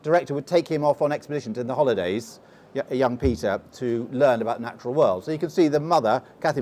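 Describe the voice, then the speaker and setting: A man's voice: mid-range voice, a little mellow. Middle-aged guy w a posh english accent, telling stories, keeps restarting sentences. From England. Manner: rambling, restarts often. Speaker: guest explorer. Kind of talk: storytelling interview.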